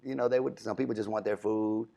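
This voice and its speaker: A man's voice: on the low side, fast talker, vocal fry. A young adult man, a radio DJ, casually telling stories in an interview and acting out the voices he quotes. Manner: animated storyteller, acts out quoted voices.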